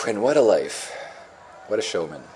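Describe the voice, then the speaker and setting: Lively low-voiced man telling a story. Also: a little slow, slight background noise. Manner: emotional, reflective, spiritual musings. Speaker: vlogger. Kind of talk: rambling personal storytelling.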